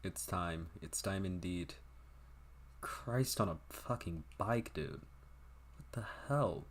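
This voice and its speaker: A man's voice: low-pitched, expressive, takes it slowly, pauses often. A young man streaming a game, chatting to viewers in a rambling, offhand and profane way. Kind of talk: casual livestream chat.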